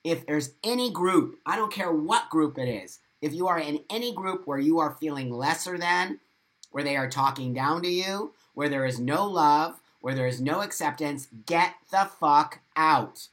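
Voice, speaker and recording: A man's voice: on the high side, animated, normal speed, a bit bright. A middle-aged man hosting a live stream, reading viewer comments aloud and giving blunt, motivational advice with lots of repetition and the odd swear word. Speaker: livestream host.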